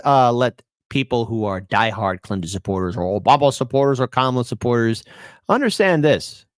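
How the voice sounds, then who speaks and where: A man's voice: medium pitch, dry recording. A man hosting opinionated political commentary, combative and sarcastic, speaking into a close mic.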